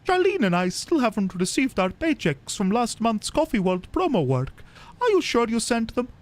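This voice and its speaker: A man voicing a fussy younger man who nags his uncle about late pay, in a high, whiny voice. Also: sing-song, normal speed. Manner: high, whiny letter-reading voice.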